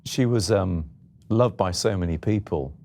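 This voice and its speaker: A man presenting the news and interviewing guests in a TV studio in a brisk, polished way. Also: low voice, gravelly, mellow, slight background noise.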